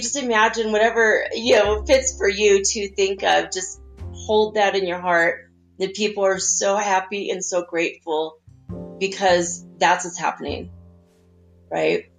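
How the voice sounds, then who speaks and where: A woman hosting a spiritual talk, chatting gently and guiding listeners through visualizations. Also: mid-range voice, steady tone, unhurried, long pauses. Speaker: spiritual channel host. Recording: faint guitar music behind.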